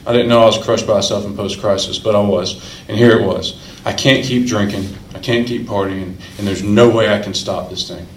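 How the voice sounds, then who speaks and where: A man tells his own recovery story to a meeting, earnest and emotional, circling back on phrases to drive them home. His voice sits a little low. The hall around him rings with echo and a faint hum. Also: steady tone, a little fast, hardly any pauses. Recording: echoey room.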